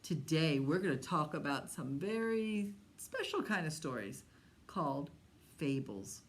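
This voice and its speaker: Slow, animated storytime woman. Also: sits low, slight background noise. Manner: slow, gentle and animated, talking to young kids. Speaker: children's librarian storyteller. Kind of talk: children's storytime reading. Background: autoharp she plays before the story.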